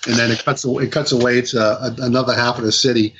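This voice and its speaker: A man's voice: mid-range voice, little pitch movement, fast talker, noisy background. Rambling man recapping a story with fillers. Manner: rambling retelling full of fillers and quoted dialogue. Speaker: podcast co-host reviewing comics. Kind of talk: casual chat.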